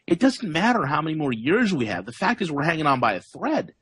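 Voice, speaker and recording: A man's voice: fairly high pitch, sing-song, a little fast, a bit bright, husky, no room sound. A man hosting an interview, intense and stammering as he repeats words. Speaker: interview host. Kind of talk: interview conversation.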